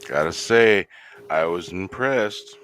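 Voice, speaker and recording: A man hosting a casual movie chat who talks in a relaxed way and often repeats words as he starts a sentence. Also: low voice, slow pace, a little hiss or hum. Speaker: podcast host.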